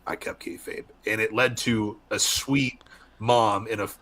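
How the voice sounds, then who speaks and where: A young man from Arizona, a wrestler, chatting candidly as a podcast guest and telling lively stories. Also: on the low side, a little slow. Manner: candid storyteller, animated voices in anecdotes. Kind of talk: casual podcast interview.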